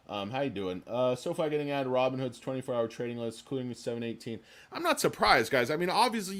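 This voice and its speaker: A man's voice: medium pitch, fairly bright tone. A man hosting a livestream in casual chat, rambling and joking with lots of swearing. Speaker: livestream host.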